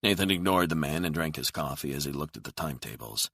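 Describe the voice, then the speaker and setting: A man narrating a thriller audiobook in a steady, measured reading. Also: very deep voice, gravelly, dry recording, clean studio sound.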